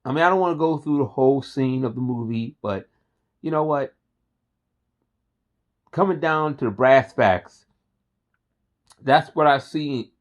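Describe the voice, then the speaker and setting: A man's voice: mid-range voice, unhurried, long pauses. Chatty man vlogging. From Philadelphia. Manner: enthusiastic, chatty, repeats himself. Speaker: host. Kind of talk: casual vlog monologue. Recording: dull lo-fi recording.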